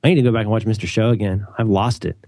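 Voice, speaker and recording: A middle-aged man co-hosting a podcast and reading an ad in a jokey, rambling, animated way. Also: rapid-fire, no room sound, studio quality. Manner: animated, rambling, jokey, with sudden high leaps. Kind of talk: casual podcast chat.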